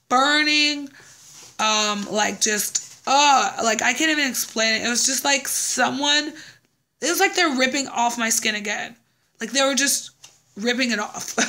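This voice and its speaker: A woman's voice: fairly high pitch, bright, forceful tone. A young woman from Texas telling a personal story in a casual vlog, chatty, with many fillers and restarts. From Texas, USA. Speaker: vlogger living abroad.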